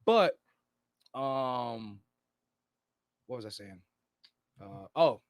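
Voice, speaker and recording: A man of middling pitch talks in a loose, rambling way as a podcast co-host. He swears freely and drifts between thoughts. The sound is dry and close. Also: animated, extremely slow, no echo. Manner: rambling, profane, slips into put-on voices. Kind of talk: casual chat.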